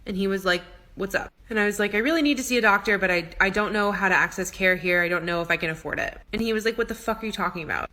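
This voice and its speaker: Fast, bright-voiced woman telling a story. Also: mid-range voice. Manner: fast, animated retelling with quoted dialogue. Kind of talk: casual storytelling to camera.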